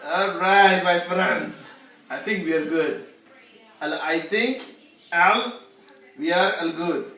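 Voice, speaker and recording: A woman's voice: on the low side, slow pace, pauses often, fairly bright tone, heavy reverb, distant mic. A woman hosting a home cooking video, playfully teasing and chatting with her children. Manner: teasing, laughing, sing-song chanting. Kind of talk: playful casual kitchen chat with children. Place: home kitchen.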